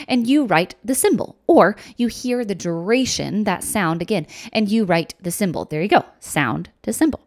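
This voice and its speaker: A woman hosting a music education podcast, explaining ideas clearly and step by step. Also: mid-range voice, expressive, normal speed, few pauses, darkish tone.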